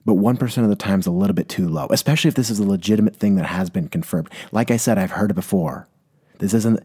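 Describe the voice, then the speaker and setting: A young man talks on his own podcast in a loose, rambling way, restarting his sentences and poking fun at himself. His voice sits low and sounds mellow and soft-edged, with a slight stuffiness from a cold. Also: slightly rough. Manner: rambling, self-deprecating, with many restarts. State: a little congested from a cold. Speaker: podcast host. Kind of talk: casual solo podcast monologue.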